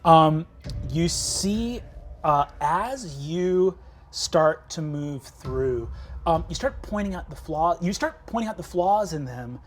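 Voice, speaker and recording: Laughing game master narrating a tabletop game. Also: male voice, fairly high pitch, animated, slow.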